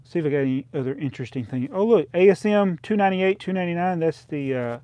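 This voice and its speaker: A man talks loosely into a close microphone, reading out old prices and chuckling at his own regrets. His voice sits somewhat high for a man. The sound is dry, with no room around it. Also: lively intonation, fast talker, few pauses, dark tone, no echo. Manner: rambling, reading out prices, laughing at himself. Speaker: live stream host. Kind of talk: casual live stream chat. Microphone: close desk microphone.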